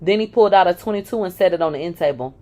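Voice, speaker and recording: This memoir reader is a woman whose voice sits fairly low and mellow, and she races through her first-person account. She speaks frankly, now and then cutting in with sarcastic, deadpan asides.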